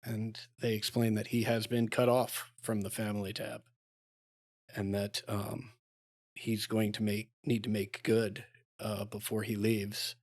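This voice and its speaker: A man playing a tabletop game, recounting his character's adventures in a halting way with many fillers. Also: fairly low pitch, level tone, darkish tone. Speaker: player.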